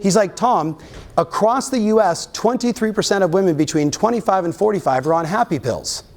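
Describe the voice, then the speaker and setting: Pumped-up guy coaching a live crowd, kinda high voice, keeps asking them stuff. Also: brisk. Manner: energetic, keeps quizzing the audience. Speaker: real estate coach and keynote speaker. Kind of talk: motivational keynote speech. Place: live event in front of an audience.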